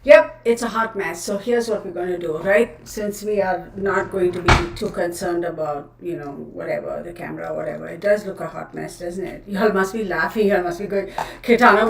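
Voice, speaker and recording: A woman's voice: on the low side, moderate pace, vocal fry, hardly any pauses, slight background noise. A woman hosting a casual livestream, chatty and scattered, often laughing at herself. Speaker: tarot livestream host. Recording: roomy, distant camera audio.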